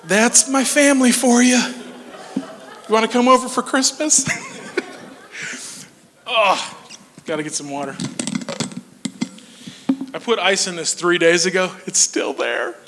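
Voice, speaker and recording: A man in his forties telling comic stories on stage, animated and laughing through his punchlines. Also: sits high, a little slow, pauses often, a little hiss or hum. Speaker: stand-up comedian. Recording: long hall reverb.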